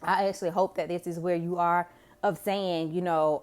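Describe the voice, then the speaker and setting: Slangy, low-voiced woman tarot reader. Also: fairly even intonation, normal speed, darkish tone, smooth. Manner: slangy, profane, chatty. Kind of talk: casual tarot reading to camera.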